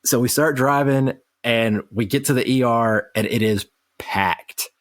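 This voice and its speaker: An American man co-hosts a casual podcast and retells his story briskly, slipping into the voices of the people in it. His voice sits at a middle pitch and is recorded close and dry, with no room sound. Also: dry recording. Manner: brisk, animated retelling with quoted dialogue. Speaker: podcast co-host.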